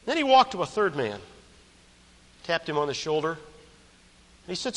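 A male preacher delivering a sermon, driving points home by repeating phrases and acting out little stories. His voice sits a bit high for a man. The sound rings with long reverb from a large hall. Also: animated, normal speed, long pauses, a bit bright. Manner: emphatic, repeats key phrases for effect; storytelling with quoted characters.

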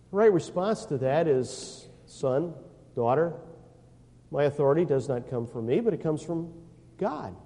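A man preaching a sermon as pastor, emphatic, with dramatic pauses, reading scripture aloud. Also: mid-range voice, mellow. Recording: long hall reverb.

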